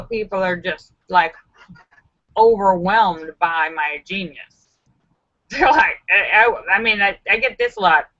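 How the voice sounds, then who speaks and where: Bright-voiced sassy woman streamer. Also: medium pitch, dull audio. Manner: sassy, joking, self-mocking storyteller. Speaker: live-stream host. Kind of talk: casual live-stream chat with viewers.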